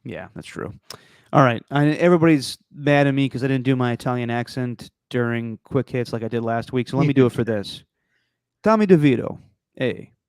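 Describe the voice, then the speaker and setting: A man's voice: mid-range voice, a little fast, clean tone, no echo. A man hosting a podcast, talking sports in a casual, frank and opinionated way, swearing now and then, on a close podcast mic. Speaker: podcast host.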